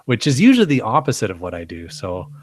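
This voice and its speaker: A man with a fairly low voice chats through a podcast, telling stories with easy enthusiasm. The sound is dry and close. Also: huge pitch swings, quick pace, darkish tone, dry recording. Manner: chatty, enthusiastic storyteller. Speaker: podcast co-host. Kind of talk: casual podcast chat.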